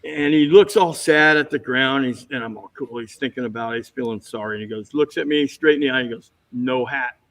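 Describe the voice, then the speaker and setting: A man telling lively stories as a guest on a casual video-call chat, jumping into quick impressions. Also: mid-range voice, a little hiss or hum, low-quality recording. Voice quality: bald. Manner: animated anecdotes with impressions.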